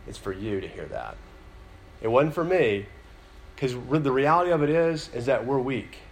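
Man preaching in a relaxed, talky way. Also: medium pitch, normal speed. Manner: conversational preaching, many fillers, building emphasis. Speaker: pastor. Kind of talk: sermon.

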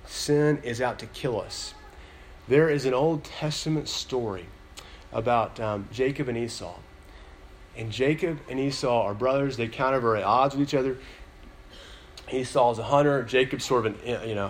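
A male pastor preaches in a casual, chatty manner, leaning on fillers as he talks through his point. His pitch sits in a middling range for a man. Faint ambient noise hums under his voice. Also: moderate pace. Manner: conversational preaching, many fillers, building emphasis. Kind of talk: sermon.

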